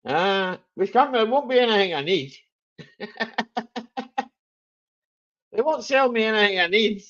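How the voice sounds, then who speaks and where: A man's voice: sits high, lively intonation, unhurried, fairly bright tone. Male stream host, easygoing drawl, rambling jokes, muffled home-stream sound. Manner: jokey and rambling, chuckling often. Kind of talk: casual live chat.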